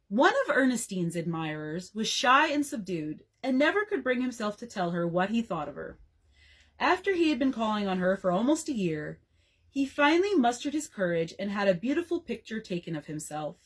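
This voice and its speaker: A woman's voice: medium pitch, sing-song, normal speed. A young adult woman, a librarian, reading a bedtime story aloud expressively.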